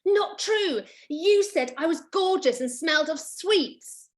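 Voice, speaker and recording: A woman's voice: very high voice, animated, takes it slowly, pitched above the performer's own voice, exaggerated voice. A woman voicing a tiny, bossy, rude female fairy who threatens and commands, in a children's story read aloud. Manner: commanding, snappish.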